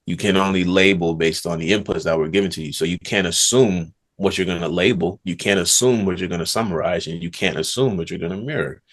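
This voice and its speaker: A man's voice: deep voice, quick pace, few pauses. A man, a guest author, talking casually in a rambling way, full of filler words and slang. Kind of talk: casual conversation.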